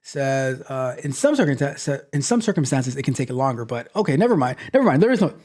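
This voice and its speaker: A man with a medium-pitched voice speaks briskly as host of a live tech question-and-answer show. He gives advice in a lively, mock-scolding manner and often repeats phrases.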